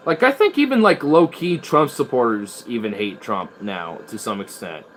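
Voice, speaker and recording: A man's voice: mid-range voice, lively intonation, normal speed. Rambling, casual young-sounding man. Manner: rambling, swears freely. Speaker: streamer playing guitar. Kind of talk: casual chat.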